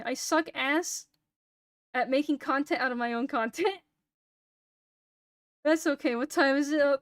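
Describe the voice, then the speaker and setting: A woman's voice: high-pitched, clean tone, dry recording, clean studio sound. A young woman streamer chatting casually, laughing, swearing freely and joking at her own expense. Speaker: VTuber streamer.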